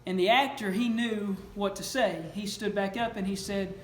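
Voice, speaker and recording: This is a male preacher in a church sanctuary, his high voice fairly even in intonation and moderate in pace. He preaches earnestly, asking questions and telling stories, while the echoey room carries faint noise.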